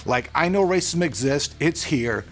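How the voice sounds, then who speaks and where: A man's voice: a little high, animated, normal speed, slight background noise. A middle-aged man from California, hosting a casual vlog and talking earnestly and loosely, straight to his viewers. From California, USA. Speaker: channel host.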